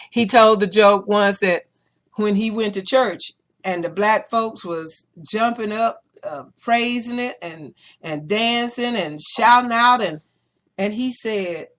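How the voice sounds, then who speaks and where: A woman hosting a podcast in casual opinion-show style, talking bluntly and profanely and telling animated stories. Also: mid-range voice. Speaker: podcast host. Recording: podcast recording.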